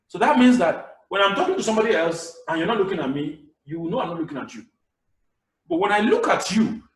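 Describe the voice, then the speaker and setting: A man giving a lively public speaking lesson in a webinar, swinging between loud bursts and whispers. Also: a little high. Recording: echoey room, somewhat distant mic.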